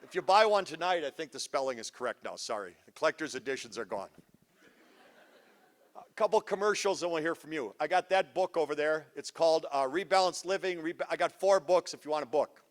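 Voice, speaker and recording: A middle-aged man giving a live parenting talk to an audience, joking, goofy and energetic, teasing the crowd. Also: a little high, a little fast. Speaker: parenting seminar speaker. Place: school event before a live audience.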